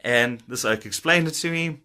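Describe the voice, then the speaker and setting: A chatty man in his thirties tells stories from his work as a guitar technician, laughing often and acting out old conversations. His voice is bright and forceful, with an easy, casual delivery to the camera. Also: mid-range voice, normal speed.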